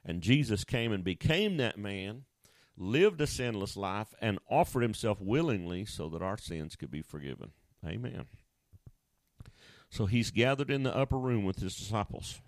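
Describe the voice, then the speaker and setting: A man's voice: lowish voice, big pitch swings, normal speed, dry recording. A male pastor preaching a sermon in a folksy, conversational way, often restarting his sentences.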